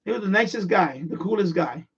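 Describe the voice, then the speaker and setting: A man's voice: high voice, expressive, a little fast, creaky, husky. A man hosting a live stream, telling a story in a rambling, repetitive way with lots of restarts. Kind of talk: casual live-stream chat. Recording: far from mic, dull lo-fi sound.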